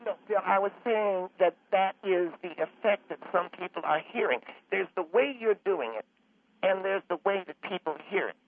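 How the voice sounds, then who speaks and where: A man's voice: high voice, expressive, normal speed. An actor playing a pushy, lecturing pastor who calls in to a radio show, stammering as he scolds the host. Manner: lecturing, stammering, mimics with squeals. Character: pushy preachy male pastor caller, middle-aged. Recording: tinny phone line with faint hiss.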